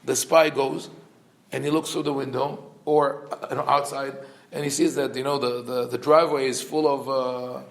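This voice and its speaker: A man, a rabbi, teaching a scripture class. He explains with dry humor and many fillers, and reads verses quickly in a chant. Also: medium pitch, flat delivery, vocal fry. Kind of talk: Torah class lecture.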